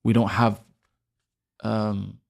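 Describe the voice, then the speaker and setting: A man with a gravelly, creaky voice talks through Arabic letters in a loose, casual lesson. He repeats throat sounds slowly and over-emphasized, breaks off to correct himself, and chats along the way. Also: lowish voice, flat delivery. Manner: demonstrates throat sounds with exaggerated repetition; self-correcting, chatty, laughs at himself. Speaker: Arabic teacher.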